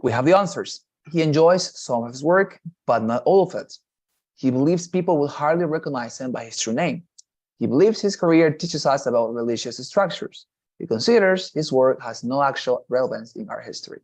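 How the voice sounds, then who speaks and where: A man's voice: mid-range voice, lively intonation, a little fast, darkish tone. A man teaching test prep, repeating points and checking in with his students as he goes. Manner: repetitive, checks in with "okay?" and "right?". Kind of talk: online class explanation.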